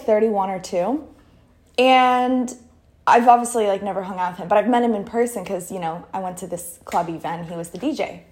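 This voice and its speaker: A woman's voice: fairly high pitch, rough recording. A young woman telling a story in a rambling, frank way, full of fillers and swearing, while riding in a moving car. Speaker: vlogger. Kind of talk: casual storytelling rant. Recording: loud car engine noise. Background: car engine hum.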